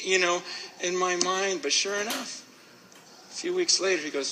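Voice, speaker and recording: A man's voice: high-pitched, moderate pace, bright, forceful tone, slight background noise. A man preaching a sermon, telling a story in an impassioned, emotional way with stammering restarts. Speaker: pastor. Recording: long hall reverb.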